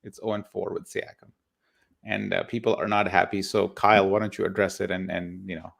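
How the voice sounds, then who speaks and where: A man hosting a live basketball show, giving casual analysis in a halting way, often repeating words as he thinks. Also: low voice, little pitch movement, vocal fry, a bit bright. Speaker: basketball podcast host.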